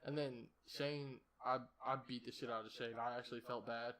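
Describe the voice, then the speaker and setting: A man's voice: medium pitch, fairly even intonation, normal speed, a crowd in the background. A young man hosting a podcast, telling a story in a rambling, profane, casual way and laughing at himself. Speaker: podcast host.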